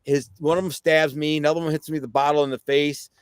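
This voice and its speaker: A man's voice: fairly high pitch, quick pace, clear, resonant tone, no room sound. Middle-aged man telling a vivid story. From Detroit, USA. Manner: vivid, excited storyteller who acts out quotes; conversational, with frequent fillers and "right?". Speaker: podcast guest. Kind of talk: casual storytelling.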